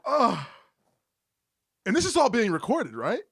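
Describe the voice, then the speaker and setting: Young guy co-hosting a comedy podcast, high-pitched, swoops all over, cracking up constantly. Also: huge pitch swings, a little slow, vocal fry, a bit bright, breathy edge, dry recording, clean studio sound. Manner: laughs often, hyped and teasing. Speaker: podcast co-host. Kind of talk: rowdy casual banter.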